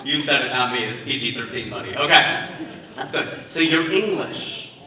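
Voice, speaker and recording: A man doing a stand-up comedy set at a wedding, working the crowd with animated, laughing asides. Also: medium pitch, normal speed. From United States. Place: wedding reception venue. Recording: roomy, far-off mic with loud crowd.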